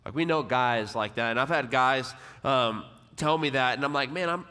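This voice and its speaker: A young man from Texas, giving a casual, conversational sermon to a college ministry. He leans on lots of fillers and repeated words, and drops lower and quieter when quoting people. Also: moderate pace. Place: church or ministry hall. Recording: long hall reverb.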